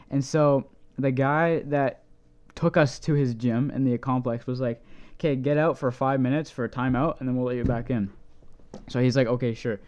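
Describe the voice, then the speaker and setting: A young man tells a rambling story on a casual podcast, filling his talk with "like" and tossing in swears. His voice is mellow and smooth, with a mid pitch. The recording sounds a little dull and lo-fi. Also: steady tone, fairly quick. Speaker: podcast co-host.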